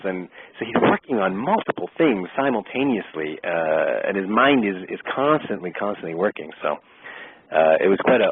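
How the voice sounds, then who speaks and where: A middle-aged man, an actor and interview guest, telling a lively anecdote and acting out the exchanges he describes. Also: on the low side, slightly rough, dry recording. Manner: lively storyteller who acts out quoted exchanges. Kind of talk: casual storytelling anecdote. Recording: tinny phone-line sound, dry.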